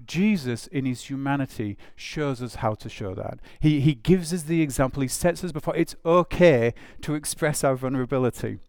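A man's voice: mid-range voice, normal speed, few pauses, darkish tone, no echo, clean studio sound. A man preaching a conversational sermon, informal, often breaking into asides and acting out quotes. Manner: informal, with frequent "it's like" asides and acted-out quotes.

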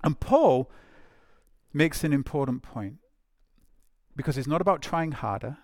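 A man's voice: a little high, lively intonation, unhurried, a little mellow, no room sound, clean studio sound. A man preaching a sermon in a conversational way, with frequent fillers and phrases repeated for emphasis.

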